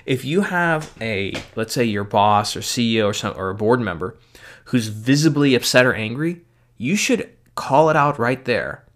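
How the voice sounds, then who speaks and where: A man gives practical communication advice in an informal talk, working through a numbered list of tips. His ordinary mid-pitched voice is expressive and a bit bright, loose and conversational, full of "you know" and quick self-corrections, with stress on the points that matter most.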